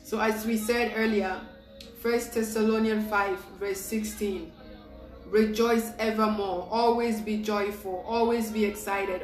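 A woman preaching an informal devotional sermon, excited and repetitive, acting out the people she quotes. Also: medium pitch, echoey room.

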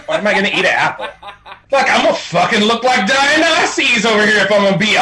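A man's voice: high voice, rough recording. A man co-hosting a podcast, ranting animatedly and swearing a lot in crude comedic banter. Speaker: podcast co-host.

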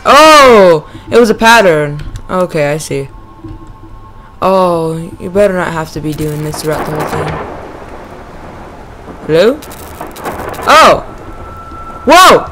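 A young man giving excitable let's play commentary on a horror game, yelping and shouting when startled. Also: on the high side, takes it slowly, long pauses, faint music behind. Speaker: gaming YouTuber.

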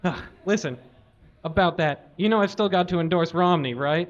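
A man's voice: high-pitched, normal speed, close to an everyday voice. A man voicing a brash, emotional middle-aged male governor who talks bluntly and profanely, on a slightly muffled live recording. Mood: sheepish.

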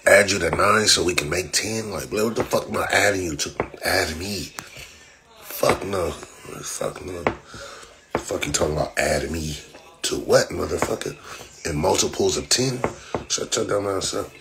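Over noisy phone audio, a man rants on his own livestream, brashly mocking commenters with profane trash talk. He has a creaky voice that sits low and moves at a normal speed.

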